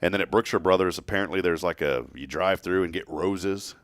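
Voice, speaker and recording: A man's voice: sits low, brisk, no room sound, clean studio sound. A man hosting a local morning talk show, rambling casually and joking with his co-host. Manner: rambling, jokey, playful.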